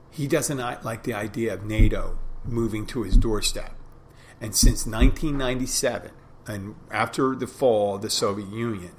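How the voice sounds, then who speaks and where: Middle-aged male podcast host, low voice, reflective and rambling, faint noise on the track. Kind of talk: casual monologue.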